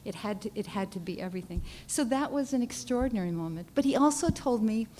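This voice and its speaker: A woman painter on a panel, telling a story in a halting, earnest way with many restarts and repeated words. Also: a little high, animated, mellow, a little hiss or hum. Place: lecture hall at a panel event. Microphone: handheld or podium mic, often off it.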